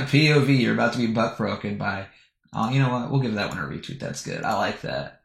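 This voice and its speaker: A man's voice: mid-range voice, sing-song, a little fast, creaky. A young man streaming, giving crude, scornful reaction commentary with plenty of swearing. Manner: scornful, swearing, breaks into laughter. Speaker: streamer reacting to posts and videos. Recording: roomy echo.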